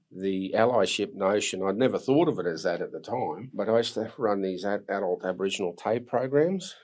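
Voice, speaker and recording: A man in his sixties with an Australian accent, an earnest podcast guest telling personal stories, reflective, with soft laughs. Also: deep voice, husky. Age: 60s. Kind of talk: personal storytelling.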